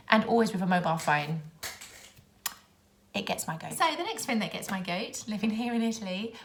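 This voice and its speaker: A young woman with a London accent ranting sarcastically in a casual vlog, exasperated and animated as she lists her gripes. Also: fairly low pitch, moderate pace. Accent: London English. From London, England. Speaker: vlogger.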